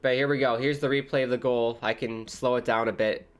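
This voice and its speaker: Speaking briskly with a medium pitch and steady tone, this American livestream host runs a live football watchalong. His casual commentary wanders into rambling side conversations as he hops from calling the match to tangents.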